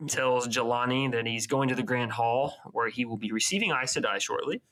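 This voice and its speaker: A man co-hosting a podcast, casually recapping a book and tossing in quick character voices as he retells scenes. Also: mid-range voice, sharp tone, low-quality recording. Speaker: podcast co-host.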